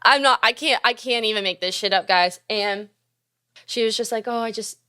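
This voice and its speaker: A woman's voice: medium pitch, moderate pace, clean tone, no echo, clean studio sound. A young woman hosting a podcast, telling a story casually, swearing often and acting out what people said. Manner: profane, animated, acts out quoted dialogue. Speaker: podcast host and musician.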